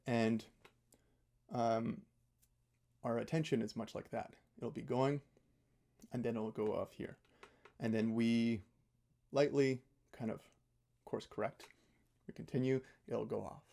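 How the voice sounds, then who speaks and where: A male music teacher giving a relaxed, conversational spoken lesson, often checking in with "right?". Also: medium pitch, creaky. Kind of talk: casual spoken lesson on mindful practice.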